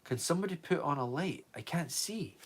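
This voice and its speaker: A man voices a scared boy who pleads into the dark, his voice pushed high and straining. The boy is hurt and shaken, calling out for help in a storybook reading. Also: animated, a little fast, slightly rough, full character voice. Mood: anxious.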